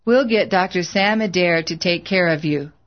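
A man's voice: high-pitched, normal speed, muffled recording, close to an everyday voice. A woman reading the part of a frantic, pleading young husband who is a preacher.

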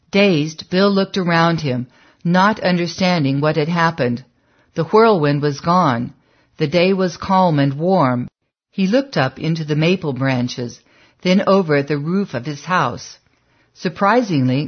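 Brief: measured, dramatic audiobook narrator, mid-pitched, muffled lo-fi recording.

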